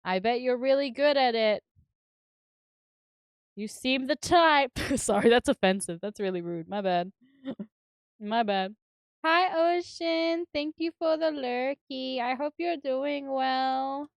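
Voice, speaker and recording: A woman with a high, clear, resonant voice speaks slowly in a clean studio recording with no room sound. She's a streamer chatting casually as she builds, giggling, swearing now and then, and peppering her talk with fillers.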